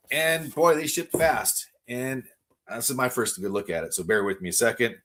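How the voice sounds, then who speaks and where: A man hosting a live toy unboxing stream, gushing with excitement and often stumbling over his words as he reads viewer comments. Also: medium pitch. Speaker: toy collector livestream host.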